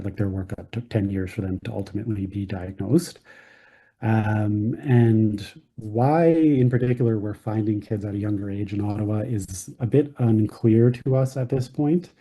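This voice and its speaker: A man's voice: on the low side, warm tone, breathy edge. A man presenting a clinical research study at a conference, hesitant and full of ums and uhs.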